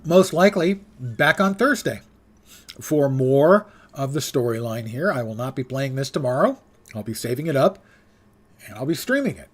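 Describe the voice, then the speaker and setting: A man's voice: mid-range voice, lively intonation, moderate pace. An older man giving wry, rambling live-stream commentary on a game, swearing casually and saying he is losing his voice.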